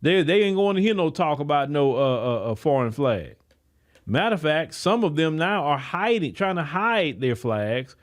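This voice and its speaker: An American man with an African American English accent, hosting a podcast and delivering an emphatic, preachy commentary monologue that is full of repeated words and restarts. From United States. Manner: animated, swinging from raised to low, quiet asides. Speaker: podcast host.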